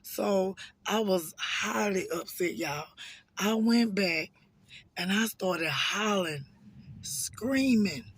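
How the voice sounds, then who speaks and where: A hoarse man chattily telling viewers a story from his workday, animated and addressing them as y'all. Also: high voice, slow, no room sound. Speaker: vlogger telling a work story. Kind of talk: casual storytime monologue.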